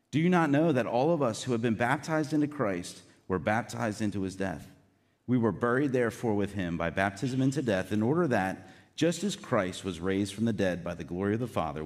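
A man's voice: mid-range voice, a little mellow. Man preaching in a reverberant hall. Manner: earnest, conversational preaching with asides. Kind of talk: sermon.

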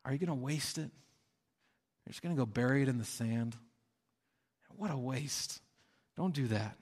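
A man's voice: mid-range voice, normal speed, darkish tone. A man preaching a sermon in a casual, conversational way, often acting out the people in his stories. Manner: conversational, with fillers and acted-out quotes. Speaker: pastor. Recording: long hall reverb.

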